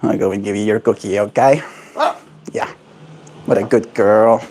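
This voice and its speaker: A man's voice: on the low side, fairly even intonation, moderate pace, darkish tone. A man livestreaming casually, chatting to his pet bird in sing-song baby talk and reading viewer chat aloud. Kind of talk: casual live stream chat.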